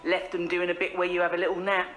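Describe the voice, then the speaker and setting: A woman's voice: lowish voice, monotone, fast talker, fairly bright tone, soft background music, lightly acted. A woman playing a brash blunt activist mum. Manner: brash, blunt, sarcastic, crude. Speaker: yoga teacher and mother. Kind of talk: sitcom acting.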